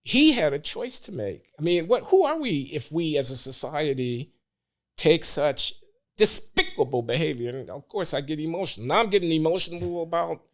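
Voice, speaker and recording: An older man speaking as a guest on a casual podcast, measured and deliberate with frequent hesitations. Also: fairly high pitch, expressive, a bit bright.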